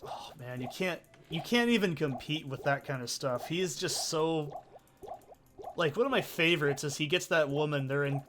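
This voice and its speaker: A man's voice: fairly high pitch, normal speed, music in the background. A man casually commenting while he plays a video game, rambling from topic to topic and swearing freely. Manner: rambling, profane, chatty. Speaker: let's play host.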